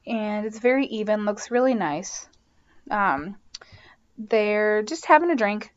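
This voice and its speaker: A woman's voice: mid-range voice, expressive, slow, lo-fi sound. A woman hosting a podcast, casually recapping a TV episode, chatty and full of "like" and "um". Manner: chatty, lots of "like" and "um". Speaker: podcast host.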